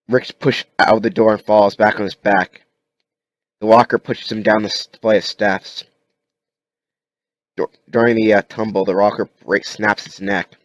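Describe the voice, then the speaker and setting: A low-voiced man narrates a story off the cuff, halting and restarting between phrases. His voice sits a little low and is recorded close and dry. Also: steady tone, no room sound. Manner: halting, many restarts and fillers. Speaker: amateur narrator. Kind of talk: improvised audiobook narration.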